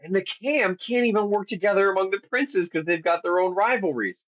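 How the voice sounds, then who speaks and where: Male podcast co-host, animated storyteller, somewhat high voice, muffled low-fi recording. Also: a little fast. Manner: animated storyteller, acts out quotes, swears casually. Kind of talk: casual storytelling chat. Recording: dull lo-fi audio.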